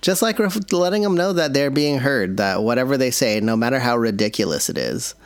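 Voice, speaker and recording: A man speaks at an ordinary middle pitch, recorded dry and close with no room around him. He chats casually and tells an animated story, acting out the other voices in it. He sounds like a podcast co-host. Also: fairly quick, no echo. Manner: animated storyteller who acts out quotes. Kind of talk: casual chat.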